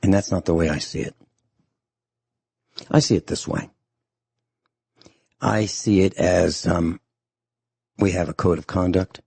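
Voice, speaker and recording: A deep, gravelly man delivers a stern radio talk show monologue. His voice is husky and close in a dry studio sound, and he hammers his points by repeating them. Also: steady tone, unhurried, long pauses, darkish tone, dry recording.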